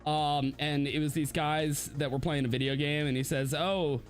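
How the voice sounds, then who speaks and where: A man co-hosting a live-streamed podcast, talking casually and laughing often, with quick swings into mocking put-on voices. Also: a little high, steady tone, faint music behind. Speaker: podcast co-host.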